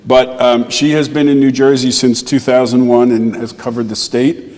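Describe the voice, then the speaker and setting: Man deputy mayor, ceremonial proclamation, wry asides, mid pitch, long hall reverb. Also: level tone, moderate pace, a little mellow. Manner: wry, joking asides between formal lines.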